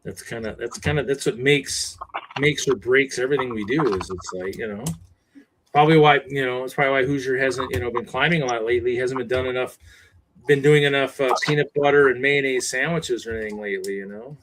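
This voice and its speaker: A man co-hosting a casual livestream chat while building, talking in a rambling, animated way. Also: mid-range voice, brisk, background noise. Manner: rambling, animated, puts on voices.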